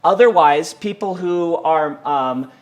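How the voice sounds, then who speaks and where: A man's voice: a little high, takes it slowly. A man teaching a university writing class, casual and conversational, with frequent ums and restarts. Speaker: writing instructor. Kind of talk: university lecture. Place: lecture hall.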